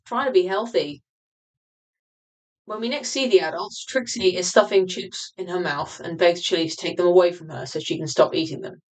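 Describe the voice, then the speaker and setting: A woman reading her own nonfiction book aloud on a livestream, in a measured, explanatory way with occasional restarts. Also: on the low side, poor audio.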